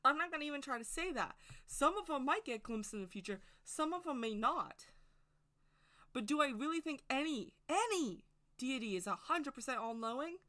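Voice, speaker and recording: A woman's voice: high-pitched, expressive, normal speed, sharp tone. A woman giving a casual, rambling opinion monologue to camera as a witchcraft video creator, speaking emphatically and straight to her viewers.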